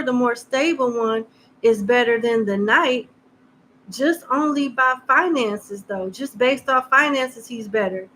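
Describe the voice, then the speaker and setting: Brief: woman tarot reader, joking and blunt, a bit high-pitched. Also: a bit bright, slight background noise, poor audio. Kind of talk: casual live tarot reading.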